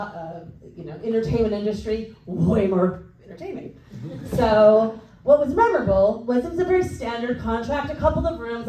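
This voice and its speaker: A woman doing a stand-up comedy set in a comedy club, telling stories with quick asides. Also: medium pitch, a little hiss or hum. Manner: lively storytelling with quick asides. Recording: echoey club from a distance.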